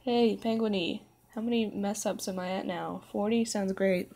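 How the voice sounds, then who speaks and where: A woman's voice: medium pitch, steady tone, moderate pace, gravelly, warm tone. Tired young woman, casual stream reader, stumbles and self-corrects, jokey. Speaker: reader of fan fiction. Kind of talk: casual read-aloud livestream.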